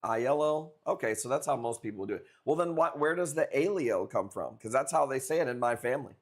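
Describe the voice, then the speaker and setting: Running a livestream coral sale, a young Chicago-area man talks fast and loosely with his audience. His casual chat is relaxed and profane, pitched at an ordinary middle range for a man.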